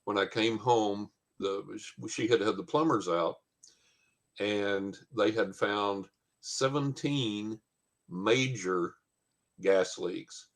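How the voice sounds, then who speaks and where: A man tells a long anecdote in a fairly low voice. He rambles along with many "uh"s and acts out what other people said. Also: slow pace. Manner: rambling anecdote with many fillers and quoted dialogue. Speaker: guest storyteller. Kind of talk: casual storytelling.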